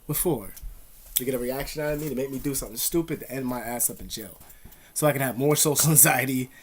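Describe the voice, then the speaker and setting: A man's voice: medium pitch, fast talker. A man vlogging casual advice, rambling in profane street slang with many fillers.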